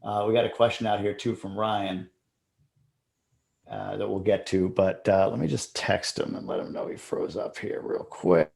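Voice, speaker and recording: A man's voice: on the low side, fairly even intonation, moderate pace, creaky, darkish tone. A man hosting a casual interview, talking in a loose, rambling way with frequent restarts. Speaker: host.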